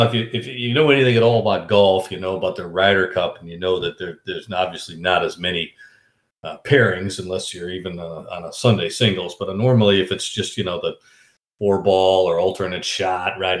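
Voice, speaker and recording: A man telling a story in casual chat, lively and animated, slipping into other people's voices. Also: low-pitched, reverberant.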